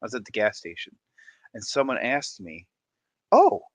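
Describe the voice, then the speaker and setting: A man's voice: lowish voice, expressive, fairly quick, bright, forceful tone, no room sound. A man hosting an aquarium channel, chatting to camera in a playful, jokey way, with showman hype and frequent laughs. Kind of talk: casual chat to camera.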